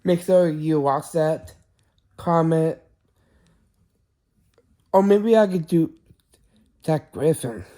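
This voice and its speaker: A man's voice: on the high side, takes it slowly, long pauses, mellow. A man talking casually to camera as a vlogger, rambling and often restarting and correcting himself mid-sentence. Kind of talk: casual vlog chat to camera.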